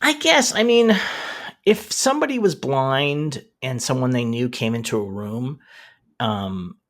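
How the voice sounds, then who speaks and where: A man co-hosting a casual show chat, animated and laughing often as he recaps scenes. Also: medium pitch, unhurried. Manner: animated, laughing, quoting characters in asides. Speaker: podcast co-host.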